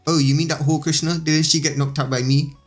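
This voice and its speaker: A man's voice: fairly high pitch, little pitch movement, a little fast, faint music behind, voice pushed up, lightly acted. A man reading the lines of a bold, protective young boy hero, defiant and blunt.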